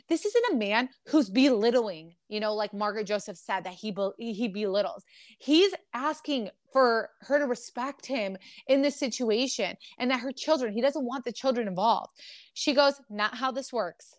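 Animated woman podcaster, dry close sound. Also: on the high side, moderate pace, no room sound. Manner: animated, swearing, frequent fillers. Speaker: podcast host. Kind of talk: casual gossip chat, reading texts aloud.

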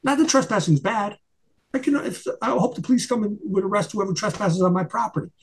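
A man's voice: high-pitched, brisk, slightly rough. A middle-aged man, a guest in an interview, talking emphatically with many stumbling restarts. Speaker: guest, retired investigator and attorney. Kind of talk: conversational interview.

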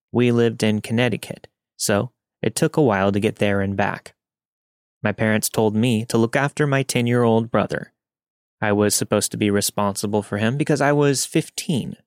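A man reading scary first-person stories aloud in a steady, even narrator's voice. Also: fairly low pitch, dry recording, studio quality. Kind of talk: scripted horror story narration.

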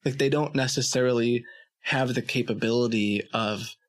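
A man guesting on a casual podcast, explaining things in a measured way with frequent pauses. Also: mid-range voice, fairly even intonation.

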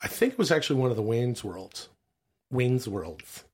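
A slightly hoarse man from Canada, rambling through casual comedic banter on a podcast. His voice sits at a middling pitch. He swears freely and keeps restarting his thoughts. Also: very animated, normal speed, darkish tone. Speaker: podcast co-host.

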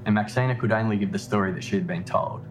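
Low-voiced man narrating over music. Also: quick pace. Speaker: podcast narrator. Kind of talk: scripted narration.

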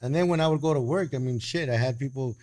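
A man's voice: mid-range voice, fast talker, darkish tone, no echo. A man co-hosting a podcast, rambling casually with lots of cursing and "you know". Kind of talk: casual chat.

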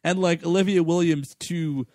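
A man's voice: a little high, steady tone, moderate pace, a little mellow, no room sound, studio quality. A man co-hosting a casual movie-review podcast, blunt and mocking, with laughs between jokes. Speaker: podcast co-host.

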